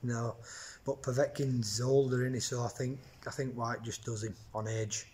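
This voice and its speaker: A man's voice: medium pitch, level tone, moderate pace, a little mellow. A man, a boxer talking bluntly in a casual interview, repeating words and tagging his points with questions.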